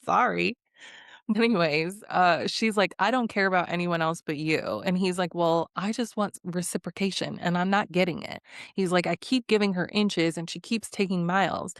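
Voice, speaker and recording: A young woman giving a casual, opinionated recap, sassy and quick to laugh between remarks. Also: lowish voice, no echo, clean studio sound. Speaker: recap vlogger. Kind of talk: casual reality-show recap.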